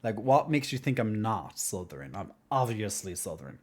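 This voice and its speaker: A man's voice: on the low side, very animated, normal speed, darkish tone. A man from Ireland chatting casually on a live stream, rambling and trailing off into mumbled asides. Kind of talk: casual stream chat reacting to a video.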